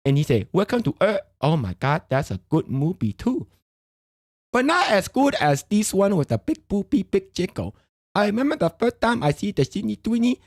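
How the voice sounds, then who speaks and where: A man's voice: high-pitched, a little mellow, breathy edge, dry recording, studio quality, full character voice. A man putting on a crude, rambling middle-aged immigrant dad who speaks broken English and tags lines with "lah". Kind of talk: comedic character monologue on stream.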